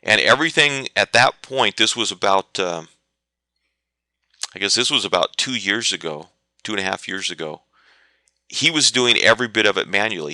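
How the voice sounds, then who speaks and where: A lowish male voice with a very bright, forceful edge explains trading setups, answering viewer questions between anecdotes. The sound is dry and close, with no room around it. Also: dry recording. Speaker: trading educator. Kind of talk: live webinar teaching.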